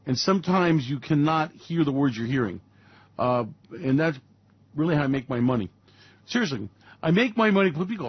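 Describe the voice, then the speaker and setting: A man's voice: on the high side, lively intonation, a little fast, slightly rough, no room sound, muffled recording. A man hosting a radio show, rambling through satirical market commentary in a sarcastic way and slipping into mocking voices.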